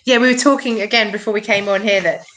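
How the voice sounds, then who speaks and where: A woman's voice: mid-range voice, steady tone, quick pace, fairly bright tone, rough recording. A woman from the UK hosting a live-stream interview, reading viewer comments and agreeing with her guest. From United Kingdom. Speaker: host.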